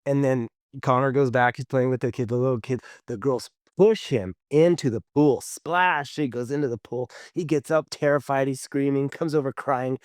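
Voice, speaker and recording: An earnest male podcast co-host tells stories in a casual, swearing, often laughing manner. His voice sits at a middle pitch, and the sound is close and dry. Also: normal speed, few pauses, a little mellow, dry recording.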